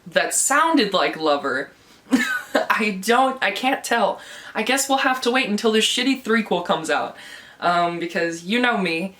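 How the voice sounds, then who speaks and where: A woman's voice: mid-range voice, a bit bright, recorded from a distance. A young woman vlogging a book review, sarcastic and swearing, laughing between complaints and mocking what she reads. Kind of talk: casual vlog rant.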